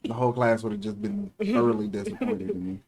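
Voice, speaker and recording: A man's voice: mid-range voice, big pitch swings, fast, creaky, darkish tone. A man from Ohio with an Ohio accent, co-hosting a casual chat with dry joking asides. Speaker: co-host. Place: library.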